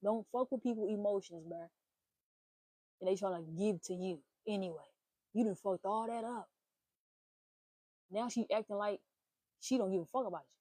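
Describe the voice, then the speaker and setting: A young woman hosting a casual talk stream, giving blunt, profane relationship advice in an animated rant. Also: mid-range voice, moderate pace, pauses often, breathy edge, no echo. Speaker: host.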